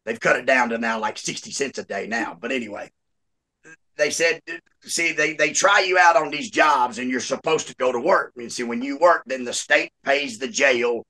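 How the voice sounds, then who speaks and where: A man's voice: mid-range voice, moderate pace. A man telling a jail story as a guest, swearing freely and laughing as he talks. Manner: animated, swears a lot, laughs mid-story. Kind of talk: casual storytelling.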